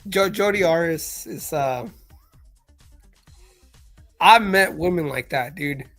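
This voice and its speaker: Young guy on a stream call, rambly storytelling, yells the quotes, faint music under it. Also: a little high, takes it slowly. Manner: animated storyteller, shouts quoted lines. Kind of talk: casual chat. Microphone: live stream call mic.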